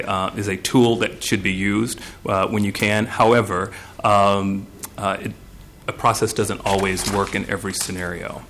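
Male board nominee, lowish voice, hesitant hearing testimony with fillers. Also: sharp tone, a little hiss or hum. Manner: hesitant, searching for words, many fillers. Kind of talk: testimony at a legislative committee hearing.

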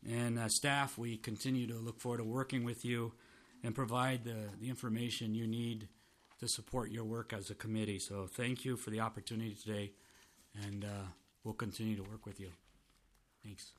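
A man, a state transportation commissioner giving formal testimony to a committee. He is losing his voice and keeps clearing his throat, and he speaks in a measured way with restarts. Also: on the low side, flat delivery.

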